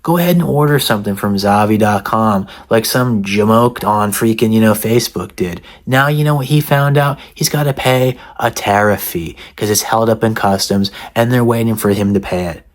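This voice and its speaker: A man with a lowish voice rants to the camera in a mock-serious comedic style. His sarcasm is steady and deadpan, like a vlogger playing an over-the-top character. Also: moderate pace, hardly any pauses. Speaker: satirical vlogger.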